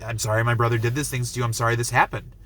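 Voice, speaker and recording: Dude doing a shifty guy mumbling fake sorries, low and halting. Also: little pitch movement, fairly bright tone, lightly acted. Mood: evasive. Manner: low, halting, insincere apologizing. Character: evasive man offering hollow apologies.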